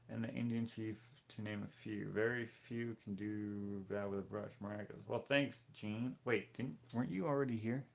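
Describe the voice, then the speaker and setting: A man with a low, gravelly voice talks casually through a live painting stream. He reads viewer comments aloud and wanders between thoughts, stopping himself mid-sentence in a loose, easygoing way. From Canada. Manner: rambling, self-interrupting, easygoing.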